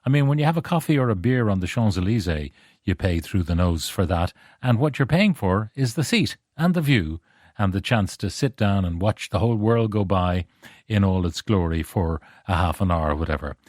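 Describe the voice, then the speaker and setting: A middle-aged man from Ireland with a lowish voice hosts a radio show, reading listener texts aloud with wry emphasis and chatty asides. The sound is dry and close, with no room around it. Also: animated, moderate pace, a little mellow, no echo.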